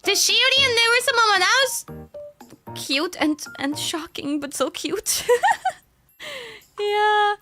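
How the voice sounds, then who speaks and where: A woman's voice: very high voice, takes it slowly, pauses often, pushed and bright, faint music behind. A young woman chatting casually on her stream, rambling with fillers and frequent giggles. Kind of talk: casual chat.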